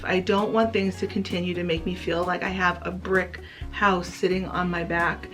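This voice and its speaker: A woman talks straight to her viewers in an earnest, heartfelt way. Her voice sits at a middle pitch, and a faint bed of music plays under it. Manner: earnest, emotional, tearful at times. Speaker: craft vlogger. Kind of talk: heartfelt personal vlog talk.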